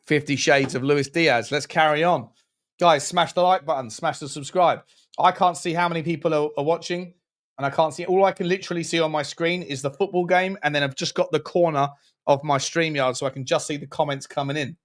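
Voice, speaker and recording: A man streaming a football watchalong, giving running commentary on the game with jokes and shout-outs to viewers. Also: fairly high pitch, a little fast. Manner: jokey, excitable, chats with viewers between plays. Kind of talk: live match commentary and chat.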